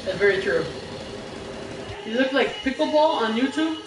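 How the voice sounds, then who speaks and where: A woman's voice: sits high, expressive, normal speed, far from the mic. A woman co-hosting a casual wrestling chat show, talking in a chatty, profane, storytelling way. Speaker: podcast co-host. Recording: roomy live stream with music, off-mic.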